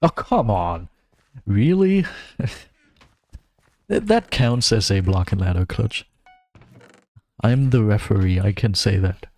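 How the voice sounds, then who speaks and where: A man's voice: lowish voice, very animated, a little slow, darkish tone, no echo. A young man from Germany, giving wry, self-mocking running commentary while streaming a game. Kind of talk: casual gameplay commentary.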